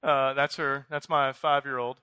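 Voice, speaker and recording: Male pastor, thirties, bright and punchy, slightly high, casual restart-heavy preaching, dry close mic. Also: moderate pace, smooth, dry recording. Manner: conversational, animated, many fillers and restarts. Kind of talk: sermon.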